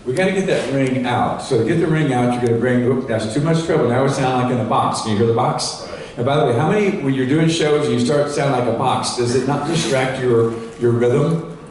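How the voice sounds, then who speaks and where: A man's voice: medium pitch, a little fast, darkish tone. A man presenting live to a seminar audience, folksy and instructive, talking through a handheld microphone over a PA while directing the sound tech. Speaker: presenter at a sales training event. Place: large echoing hall with an audience. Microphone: cordless handheld microphone over a PA. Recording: echoey hall recorded from far off.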